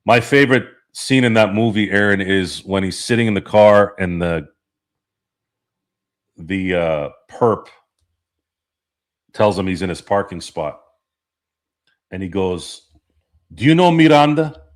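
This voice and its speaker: Profane, rambling man, lowish voice. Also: fairly even intonation, takes it slowly, pauses often. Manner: rambling, profane, laughs often. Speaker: podcast host. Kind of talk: casual sports chat reading live chat.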